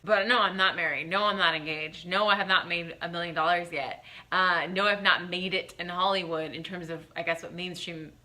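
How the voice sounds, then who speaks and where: A woman's voice: on the low side, fairly even intonation, brisk, sharp tone. A woman in her late twenties talking candidly in a casual vlog, reflective and open, with lots of "like" and "uh". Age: 20s. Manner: candid, reflective, many fillers like "like" and "uh". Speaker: vlogger.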